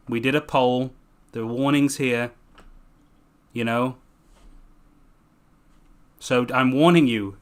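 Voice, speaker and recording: A man's voice: medium pitch, fairly even intonation, slow, pauses often, smooth. A man reading his own book aloud casually, tripping over words and correcting himself with jokey asides.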